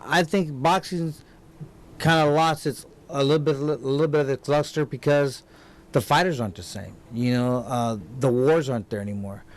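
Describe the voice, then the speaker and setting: Rambling storytelling man, many restarts. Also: medium pitch. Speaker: guest, former world champion boxer. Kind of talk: casual interview talk. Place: radio studio.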